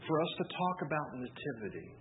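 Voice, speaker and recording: Brisk and sing-song, a slightly high male voice belongs to a pastor whose sermon wanders conversationally through stories, full of fillers and restarts. The audio sounds narrow like a phone, with faint hiss.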